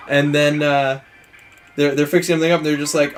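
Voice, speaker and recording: A man's voice: on the high side, fast, soft background music. A man hosting a let's play, casually retelling a movie plot with acted-out quotes and some swearing. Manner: animated storytelling, acting out quotes, swearing, laughing. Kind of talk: casual movie recap over gameplay.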